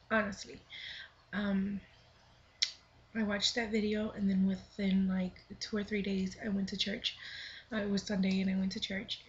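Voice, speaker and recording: Woman, 20s, mid pitch; earnest vlogger reading her own blog to camera, soft near-whispers; muffled lo-fi camera sound. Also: slight background noise. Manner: earnest, thoughtful, with soft half-whispered stretches. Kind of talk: reflective personal vlog, reading her own blog aloud.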